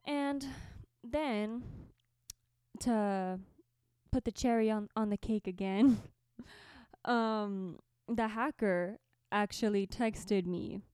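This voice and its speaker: A young woman, a podcast host and musician, tells a story to camera in a small orange bedroom by a window, chatting, laughing often, and using lots of fillers. Her medium-pitched voice is extremely slow, darkish, clear, and resonant, with no echo and studio quality.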